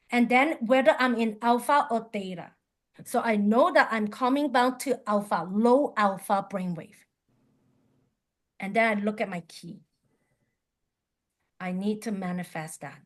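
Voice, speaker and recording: A woman who teaches qigong, telling a personal story in an animated way and sinking into a soft, calm tone when describing calming down. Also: fairly high pitch.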